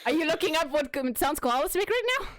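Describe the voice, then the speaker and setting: A woman's voice: high-pitched, lively intonation, fast talker, a bit bright. A woman in a casual online podcast chat over a voice call, giggling and steering the talk back on topic. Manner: giggly, keeps the talk on track. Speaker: podcast participant.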